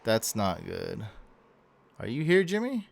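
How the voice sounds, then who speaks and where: A man's voice: mid-range voice, wildly swooping pitch, slow, vocal fry. A tired man hosting a casual livestream, chatting loosely, thanking viewers and stumbling over their names. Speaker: livestream host. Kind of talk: casual livestream chat reading viewer comments. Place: home room.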